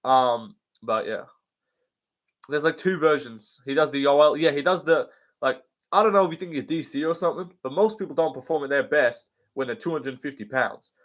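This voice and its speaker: A man's voice: on the high side, moderate pace. A man hosting a casual live show, answering viewer questions in a blunt, sweary and rambling way with many ums and likes. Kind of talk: casual livestream chat.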